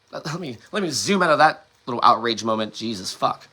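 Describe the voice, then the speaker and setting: Angry, bright-voiced man ranting. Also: mid-range voice, expressive, a little fast, hardly any pauses. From United States. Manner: angry, profane ranting with restarts. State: emotional, sighing. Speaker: host. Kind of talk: emotional monologue.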